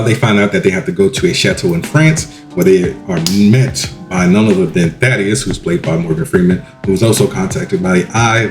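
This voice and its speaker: Male podcast host, low voice, casual rambling recap style, echoey room. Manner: rambling recap with frequent ums and self-corrections. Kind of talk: casual solo review podcast.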